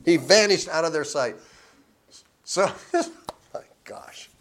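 A man giving informal Bible teaching, reading scripture slowly with emphasis, then chatting and chuckling between verses. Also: a little high, expressive, a bit bright, a little hiss or hum.

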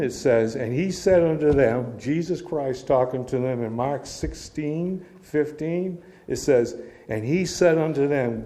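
Middle-aged male Bible teacher with a warm, mellow tone who reads verses and then chats about them. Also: mid-range voice. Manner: reads scripture aloud then explains it in a casual, storytelling way.

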